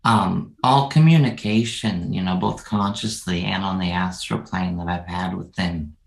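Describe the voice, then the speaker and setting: Deep gravelly guy talking slow in an echoey room, halting and hedgy. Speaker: interview guest. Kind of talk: interview answer.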